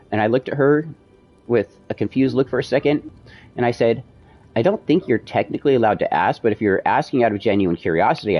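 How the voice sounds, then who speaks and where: A man's voice: lowish voice, breathy edge, lo-fi sound. A man streaming, casually telling a long personal story, acting out the dialogue with plenty of swearing. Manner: animated, profane retelling with quoted dialogue.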